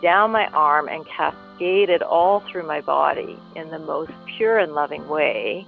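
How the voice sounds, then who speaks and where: A man's voice: fairly high pitch, expressive, a little slow, vocal fry. A man, a guest, telling a personal story in an earnest, reflective way and lingering over his words. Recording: phone-like line with faint music.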